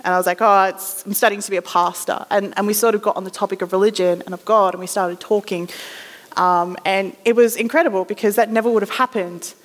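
A woman's voice: medium pitch, steady tone, fast. A young Australian woman in her twenties telling a chatty, self-deprecating story as a sermon, acting out the voices she quotes. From Western Australia. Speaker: ministry student preaching. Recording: long hall reverb.

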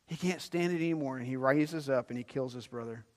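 A man preaching a sermon as pastor, animated, swinging between loud emphasis and hushed low lines. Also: a little fast, long reverb tail.

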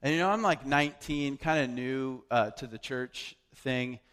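A man preaching recounts a personal story in a chatty, conversational way, full of fillers and restarts. His medium-pitched voice is a bit bright and moderately paced, with long hall reverb around it.

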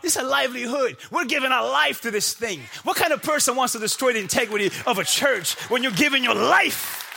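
A man from the United States preaching a sermon in church with impassioned shouting and rhetorical questions. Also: very high voice, animated, fairly quick, creaky, few pauses, some chatter behind, a little hiss or hum. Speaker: pastor. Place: church before a congregation.

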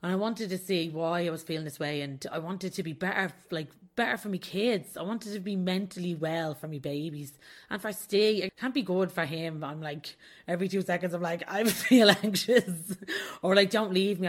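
A young woman with a fairly low voice talks a little fast on her solo podcast. The talk is casual and candid, almost confessional, punctuated by laughter in the middle of sentences.

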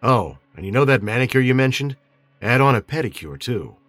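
A man voicing an earnest middle-aged lawyer in an audiobook, low and solemn. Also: lively intonation, fairly quick, a bit bright, no room sound.

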